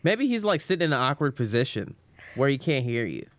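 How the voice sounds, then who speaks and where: A man's voice: mid-range voice, very animated, brisk, fairly bright tone. A man co-hosting a casual podcast who laughs easily and fills his talk with "like". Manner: laughs easily, says "like" a lot. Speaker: podcast co-host. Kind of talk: casual chat.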